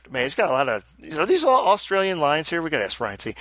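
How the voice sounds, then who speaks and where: A man with a bright, forward voice and a fairly high pitch reads listener mail on a casual podcast, breaking in with joking asides. The recording is close and dry, with almost no room sound. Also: wildly swooping pitch, fast talker, hardly any pauses, dry recording. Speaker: podcast co-host.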